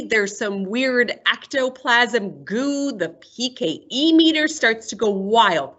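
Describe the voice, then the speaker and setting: A woman librarian slowly and expressively summarizing a picture book like a storyteller. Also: on the high side, animated, a bit bright, highs cut off. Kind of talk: picture book review with read-aloud summary.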